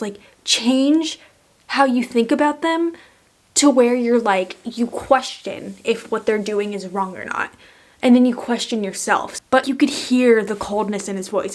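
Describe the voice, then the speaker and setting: A young adult woman vlogger telling a personal story in a candid, profane, emotional way. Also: medium pitch. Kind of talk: storytime vlog.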